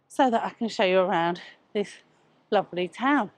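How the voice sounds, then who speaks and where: A woman's voice: mid-range voice, moderate pace, dry recording. Slightly breathless woman on a walking tour. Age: older. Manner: chatty, pointing things out as she walks. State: a little out of breath. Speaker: travel vlogger. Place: outdoors on a town street.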